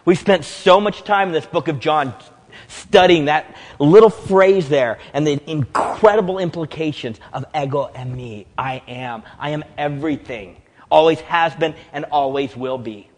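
Male pastor, fairly high voice, dramatic sermon delivery, long hall reverb. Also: unhurried. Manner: dramatic, acts out quoted dialogue with big swings in pitch and volume.

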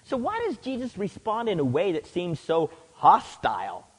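A male preacher delivering a sermon, his pitch swinging widely as he acts out the people in the passage. His voice is slightly husky and rides a long reverb, as if he is in a large hall. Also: moderate pace. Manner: animated, acts out quoted voices.

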